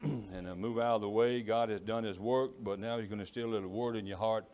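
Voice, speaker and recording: Cajun man preaching in a low voice. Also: fairly even intonation, fast talker, a little mellow. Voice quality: strong voice. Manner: rambling, self-apologetic, stumbles over words. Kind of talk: sermon. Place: church in East Texas.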